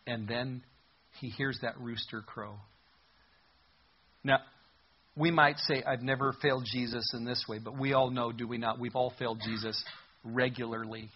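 A man preaching a sermon as pastor, expressive, rising loud for emphasis and dropping soft. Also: mid-range voice, moderate pace, slightly rough, highs cut off.

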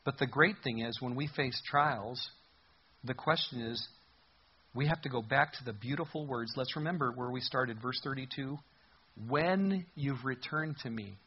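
A man preaching a sermon as pastor, expressive, rising loud for emphasis and dropping soft. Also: medium pitch, normal speed, husky, lo-fi sound.

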